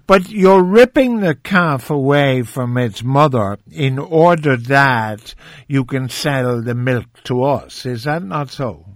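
A man's voice: medium pitch, slow, no room sound, studio quality. A man hosting a radio talk show, asking probing questions with many hesitations.

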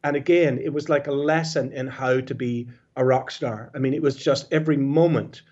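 A man's voice: mid-range voice, steady tone, moderate pace, darkish tone. A man with a Belfast accent, a musician calling in to a radio show, telling anecdotes in a chatty way with restarts. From West Belfast, Northern Ireland. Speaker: musician guest on the phone. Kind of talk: storytelling radio phone-in. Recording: muffled phone line.

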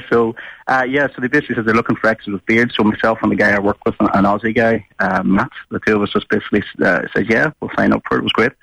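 A man's voice: on the low side, steady tone, fast, creaky, fairly bright tone, breathy edge, no room sound, poor audio. A man from Ireland calling into a radio show, telling a story and laughing between phrases. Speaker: caller. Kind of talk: phone-in storytelling.

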